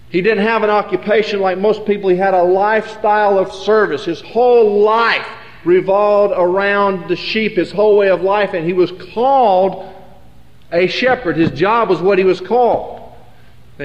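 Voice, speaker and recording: Male preacher, high voice, emphatic and rambling, in a roomy hall on a dull old recording. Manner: rambling, emphatic, self-correcting. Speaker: Bible teacher. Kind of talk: sermon. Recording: echoey hall, dull lo-fi sound.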